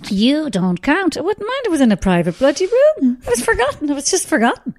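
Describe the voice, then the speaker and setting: A woman, a comedian guest, telling a lively anecdote with frequent laughs and a habit of dropping to a whisper when she quotes people. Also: extremely high pitch, fast talker, a little hiss or hum. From Ireland. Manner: lively storyteller, laughs often, swears, drops to whispers when quoting people. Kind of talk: anecdotal storytelling.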